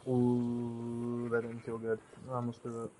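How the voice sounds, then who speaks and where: A young man giving casual gameplay commentary, profane and animated, ranting with mock outrage. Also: mid-range voice, measured pace, slight background noise. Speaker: gamer streamer.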